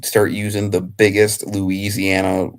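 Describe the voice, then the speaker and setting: A young man on a sports betting panel, joking around with quick, goofy asides. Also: sits low, monotone. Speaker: regular panelist. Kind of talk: casual sports betting chat.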